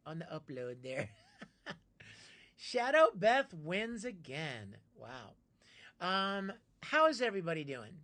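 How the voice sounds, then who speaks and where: A man chatting casually with his live-stream viewers, playfully greeting each one by name with bursts of excitement. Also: high-pitched, slow pace.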